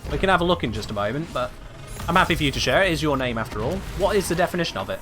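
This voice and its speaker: A man's voice: a little high, expressive, very fast. A man streaming a video game live, chatting casually and musing aloud to his viewers about how to pronounce a name. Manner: chatty, muses aloud, keeps asking viewers about a pronunciation. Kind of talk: casual live-stream chat while gaming. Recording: game music loud behind the voice. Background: game music.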